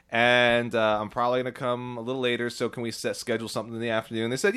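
A man's voice: medium pitch, fast talker, a bit bright, smooth. A man co-hosting a casual podcast, telling a long rambling story full of fillers and restarts, getting worked up as he goes. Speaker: podcast co-host. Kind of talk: casual chat.

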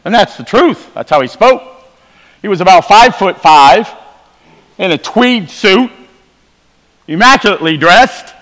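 A man giving a revival sermon testimony, telling his story with quiet low asides and emphatic rises. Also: animated, unhurried, long pauses. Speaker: preacher. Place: church sanctuary. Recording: long hall reverb.

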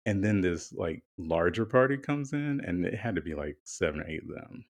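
A man's voice: low voice, expressive, moderate pace. A man co-hosting a podcast, telling a candid, chatty story in casual conversation with some swearing. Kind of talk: casual chat.

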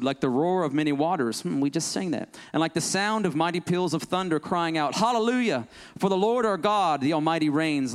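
A man's voice: on the high side, in a large hall. A young adult man preaching a sermon as pastor, impassioned and rising to fervent pleading.

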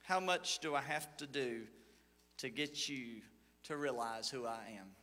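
A man's voice: medium pitch, expressive, unhurried, sharp tone, big-room sound. A man preaching a sermon as lead pastor, telling folksy stories and reading scripture with drama. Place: church sanctuary.

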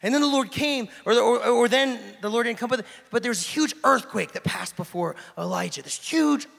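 Speaking fairly quickly into a handheld mic, a man delivers a casual, jokey sermon, moving between lively storytelling and a quiet, intense tone. His voice is slightly high for a man with a gravelly edge, and a long hall reverb hangs on the sound.

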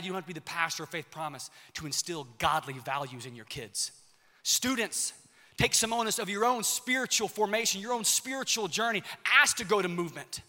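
Young male preacher, bright high-pitched voice, fervent delivery, big church reverb. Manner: passionate, swings from shouting to hushed. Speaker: pastor. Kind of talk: sermon. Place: church auditorium. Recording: long reverb of a large hall.

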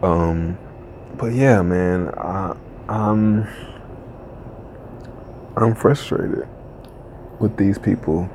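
A man's voice: low-pitched, very slow, pauses often, darkish tone, a little hiss or hum. A man ranting casually in a vlog, rambling and frustrated, with many restarts. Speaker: crypto video creator.

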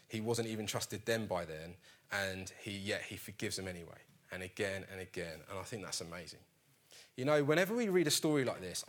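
A man preaching a sermon in an earnest, conversational storytelling manner. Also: on the low side.

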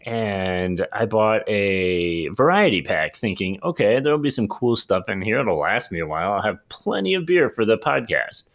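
Man, low voice, lively pitch, casual podcast co-host, joking, laid-back. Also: moderate pace, hardly any pauses. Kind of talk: casual chat.

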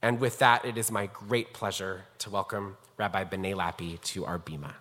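A man's voice: low voice, steady tone, normal speed, fairly bright tone. Man introducing a guest in an echoing sanctuary. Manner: earnest and storytelling. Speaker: rabbi introducing a guest scholar. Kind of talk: formal introduction speech. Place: synagogue sanctuary. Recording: long hall reverb.

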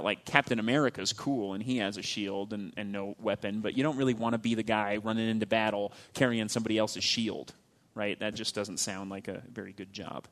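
A man teaching a casual Bible lesson, reading passages aloud and explaining them in a loose, conversational way, with fillers and phrase ends that drop off quietly. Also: on the low side.

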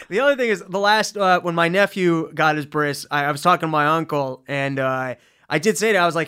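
A man's voice: on the high side, pushed and bright, clear, resonant tone. A man hosting a radio show, joking and teasing a caller in casual comedic banter. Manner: teasing, joking, quick interjections.

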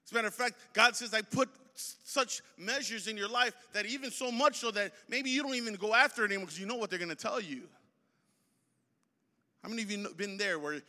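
Bright-voiced man preaching in a hall. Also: high voice. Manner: preaching with rising emphasis and repetition. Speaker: pastor. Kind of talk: sermon.

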